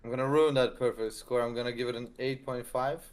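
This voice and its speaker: Male panelist, mid-pitched, keeps it short and plain. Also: steady tone, brisk. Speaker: podcast panelist. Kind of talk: casual book discussion.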